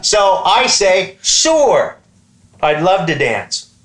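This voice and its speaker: In a roomy, echoing space, a man from eastern Canada with a high voice tells a funny story to friends extremely slowly. Profane and animated, he performs the quoted lines of the story's characters.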